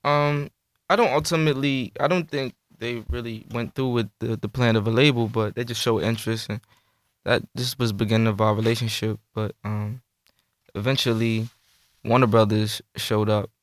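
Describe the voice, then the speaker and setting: A man, a rapper guest telling his story in a relaxed, slangy way. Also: mid-range voice, normal speed, no room sound. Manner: relaxed, laid-back recounting with slang. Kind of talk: casual interview chat.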